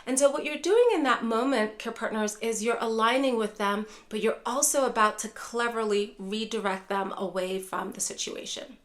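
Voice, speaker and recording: A woman's voice: fairly high pitch, normal speed, hardly any pauses, a bit bright. A woman neuropsychologist teaching dementia caregivers in a direct-to-camera lesson, repeatedly addressing viewers as care partners.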